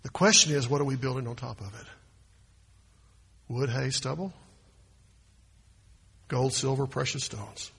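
A man preaching a sermon as pastor, swinging from quiet asides to loud, emphatic proclamations. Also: mid-range voice, a little slow, vocal fry, pauses often, slightly rough. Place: church sanctuary. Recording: long hall reverb.

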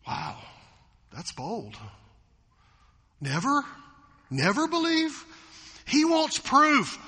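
Animated pastor, high lively voice. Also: male voice, extremely slow, pauses often, long reverb tail. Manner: animated, acts out quoted voices, asks the congregation questions. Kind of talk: sermon. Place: church sanctuary.

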